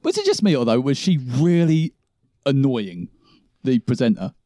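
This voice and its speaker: A man's voice: medium pitch, sing-song, normal speed, dark tone, dry recording, clean studio sound. A man in casual film chat who laughs often and rambles as he talks.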